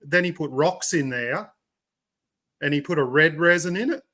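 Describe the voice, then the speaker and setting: An Australian man chatting casually as a guest, telling a story in a relaxed, halting way. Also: on the high side. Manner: relaxed storyteller, hesitant with fillers. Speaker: guest on a live stream. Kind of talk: casual chat.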